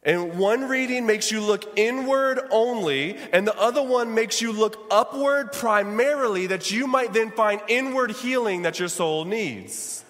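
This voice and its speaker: A man's voice: high-pitched, a little slow, few pauses, fairly bright tone. A man preaching a sermon as pastor, calling out to his congregation. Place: church sanctuary. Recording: long church reverb.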